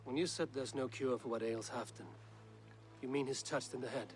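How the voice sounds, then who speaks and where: An actor voicing a fierce male viking warrior in a video game, steady and commanding. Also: medium pitch, fairly quick, faint music behind, close to an everyday voice.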